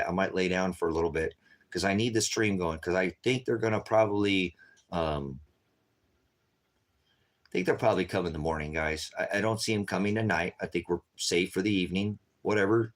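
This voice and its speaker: Deep-voiced and brisk, a man speaks unscripted to his livestream viewers with urgency and plenty of repetition. He keeps calling them "guys," and he's tired after staying up all night.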